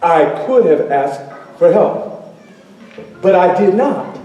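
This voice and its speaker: A man storyteller telling a tale live to an audience in a school auditorium, animated and playful, drawing the crowd in with call and response. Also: high-pitched, slow. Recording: very echoey hall from far off.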